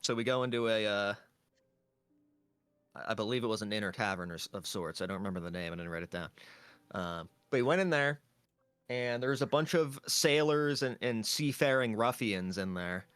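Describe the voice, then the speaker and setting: A man's voice: fairly low pitch, expressive, normal speed, a bit bright, clear, resonant tone, no echo. A man, a tabletop game player, casually recapping a session in a rambling way with lots of fillers.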